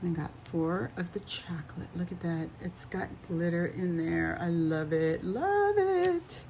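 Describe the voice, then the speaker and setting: A woman's voice: on the low side, level tone, unhurried, creaky, a little mellow, slight background noise. A woman vlogger gushing over a craft haul in casual chat, a bit out of breath and laughing often.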